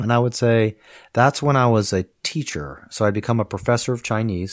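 A man with a fairly low voice talks as a podcast guest. He tells stories in a relaxed, conversational way, often breaking into laughter. The lively storytelling carries a teacher's easy confidence. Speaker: interview guest, Chinese professor. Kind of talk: casual interview chat.

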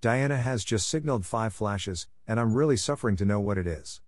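A man's voice: lowish voice, animated, brisk, a little mellow, no echo, studio quality, close to an everyday voice. A man voicing an eager, chatty, imaginative young girl who gushes and pleads breathlessly. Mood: pleading.

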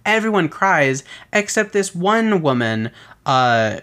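A podcast host explaining a game character build, telling the backstory with exasperated asides and casual swearing. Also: medium pitch. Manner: animated, exasperated storytelling with quick asides; casual swearing and filler words.

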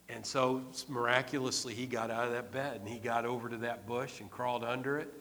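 A man preaching a sermon in a conversational storytelling way, repeating phrases and filling pauses. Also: mid-range voice, steady tone, fairly bright tone, a little hiss or hum. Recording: long hall reverb.

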